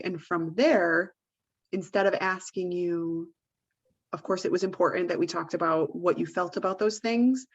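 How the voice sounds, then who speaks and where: Chatty low-voiced woman podcast co-host. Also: highs cut off. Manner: rambling, full of "like" and "you know". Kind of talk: casual advice chat.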